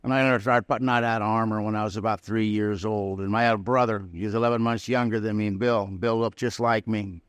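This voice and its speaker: A man's voice: on the low side, flat delivery, quick pace, hardly any pauses, smooth, no echo. A man speaking at a recovery convention, telling his own story in a folksy, plain-spoken way with down-home grammar. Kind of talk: personal recovery story told to a live audience. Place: prison hall.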